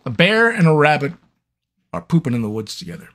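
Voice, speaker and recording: Speaking a little fast in a voice on the high side, an audiobook narrator hosts a live fan Q&A stream. He's animated and playful, spinning stories as he chats.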